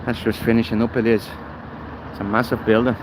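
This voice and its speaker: Filmed on a phone as he walks outdoors through the city, a man with a Dublin Irish accent livestreams brisk, blunt, heated commentary full of swearing. He has a medium pitch and level tone, and street traffic can be heard in the background.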